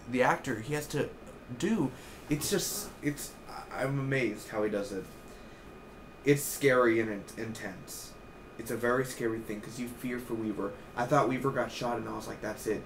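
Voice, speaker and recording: A young man giving an excitable, rambling casual review of a TV episode, with lots of fillers. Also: mid-range voice, slight background noise.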